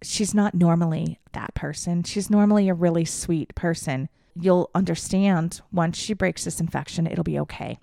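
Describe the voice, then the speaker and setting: Young woman podcaster, gravelly low voice, swears a lot, dry close sound. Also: moderate pace, few pauses, dark tone, no room sound. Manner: candid, swears freely, acts out quoted voices. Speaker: podcast host. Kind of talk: personal storytelling.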